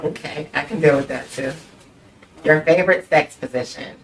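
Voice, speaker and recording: An upbeat talk show host running a playful round of questions, teasing her guest and giggling between lines. The voice sits at a mid pitch and sounds a little distant from the mic, with faint noise under it. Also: normal speed, creaky. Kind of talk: casual interview chat.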